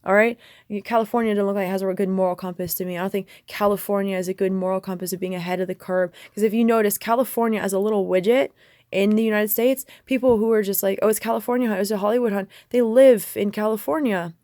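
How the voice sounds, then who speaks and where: A woman delivers a rapid monologue to the camera from her bedroom. She swears freely and leaps from one thought to the next. Her voice sits mid-range and the sound is dry and close, with no room echo. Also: medium pitch, steady tone, dark tone. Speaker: vlogger.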